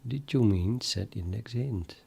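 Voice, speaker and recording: A man thinking aloud while he codes live, chatting with viewers in a halting, muttering way that trails off mid-sentence. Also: on the low side, vocal fry, mellow, slightly rough. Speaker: programmer streaming live development.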